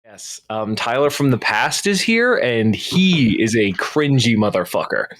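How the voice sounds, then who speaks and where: A man's voice: medium pitch, big pitch swings, unhurried, fairly bright tone, dry recording. A young man, a podcast guest who talks in a wry, self-mocking way and swears freely. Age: young adult. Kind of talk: casual podcast chat.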